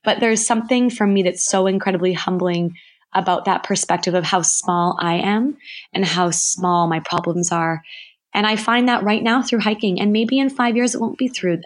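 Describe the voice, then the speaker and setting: A woman's voice: mid-range voice, steady tone, moderate pace. A woman talks as a guest on a podcast. Her delivery is earnest and candid, and she reflects carefully as she speaks.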